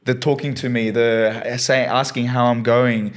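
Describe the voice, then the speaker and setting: Male guest teacher, casual rambling storyteller, middle pitch. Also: level tone, measured pace. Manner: earnest, rambling with many fillers. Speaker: science teacher, podcast guest.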